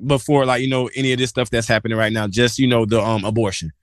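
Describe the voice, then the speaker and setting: A man's voice: medium pitch, fairly even intonation, fast, dry recording, clean studio sound. A man hosting a podcast, talking casually and earnestly, repeating phrases for emphasis. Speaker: podcast host.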